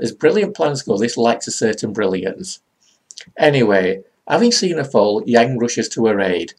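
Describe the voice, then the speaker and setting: A man's voice: mid-range voice, darkish tone, husky. A man, giving a comedic comics review in a sarcastic, rambling way.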